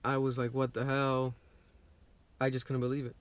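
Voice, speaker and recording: A man's voice: mid-range voice, completely flat delivery, normal speed, background noise. A young man chatting casually as a vlog co-host, rambling and restarting his sentences. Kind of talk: casual chat.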